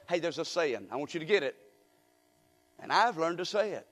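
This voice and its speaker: Brief: older male preacher, high voice, folksy call-and-response, long church reverb. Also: big pitch swings, normal speed, a bit bright. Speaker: guest preacher. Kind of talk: sermon.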